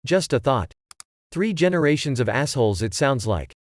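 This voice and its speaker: A man's voice: mid-range voice, sing-song, moderate pace, no echo. Man reading Reddit stories, dry sound. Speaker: narrator. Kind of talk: reading Reddit posts aloud.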